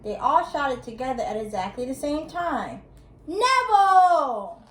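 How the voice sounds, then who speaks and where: A woman narrating a children's story with a high voice and calm, steady delivery. Her voice carries a roomy echo. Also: normal speed.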